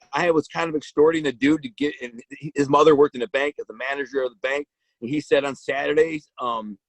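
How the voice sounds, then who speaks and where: Gravelly man telling a blunt street story. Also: fairly high pitch, no room sound, low-quality recording. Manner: blunt street talk with slang and restarts. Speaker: guest telling his life story. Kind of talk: casual storytelling.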